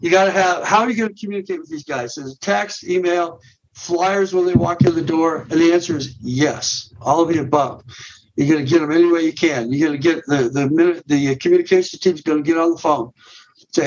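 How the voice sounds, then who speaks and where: Brisk and a bit high in pitch, a middle-aged men's ministry director explains his method step by step during a podcast interview. Restarts and repeated words come often. The recording has a dull, muffled quality.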